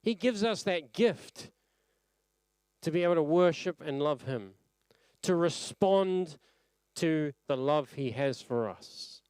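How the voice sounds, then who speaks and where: A man preaching a sermon at a church service, earnest and reflective, letting his phrases fall softly at the end. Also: on the high side, animated, takes it slowly, pauses often, clean tone, dry recording.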